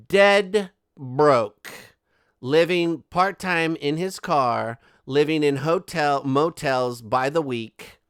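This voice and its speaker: A man's voice: medium pitch, fairly bright tone, smooth, no room sound, clean studio sound. A man hosting a commentary video, reading quotes aloud and breaking in with sarcastic, mocking asides. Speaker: commentary channel host. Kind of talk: ranting commentary.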